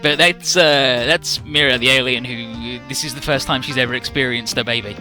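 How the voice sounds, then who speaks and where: A man's voice: mid-range voice, steady tone, moderate pace. A young man streaming a game, rambling casually and profanely about the story over game music. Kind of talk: casual gaming commentary.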